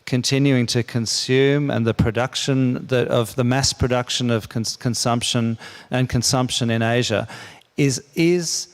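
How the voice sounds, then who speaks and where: A man's voice: medium pitch, steady tone, unhurried, in a large hall. An older man gives an earnest, pleading conference speech, with repeated words and restarts. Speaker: keynote speaker.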